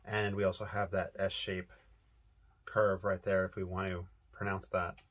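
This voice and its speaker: Man, fairly low voice, easygoing art teacher thinking aloud as he paints. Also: little pitch movement, measured pace, muffled recording. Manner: casual, rambling, thinking aloud while painting. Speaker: watercolor painting instructor. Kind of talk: relaxed painting tutorial.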